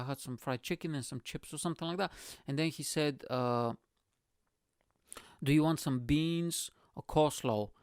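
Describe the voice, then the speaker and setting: A man's voice: mid-range voice, clean tone, dry recording, studio quality. A man, a podcast host, telling a long casual story in English, swearing freely and laughing often. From Bulgaria. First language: Bulgarian.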